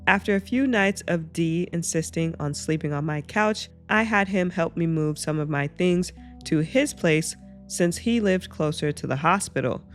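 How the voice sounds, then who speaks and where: A woman reading online stories aloud as host of her channel, breaking off into animated asides and reactions. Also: lowish voice, normal speed, soft background music. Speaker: reddit story reader and reactor.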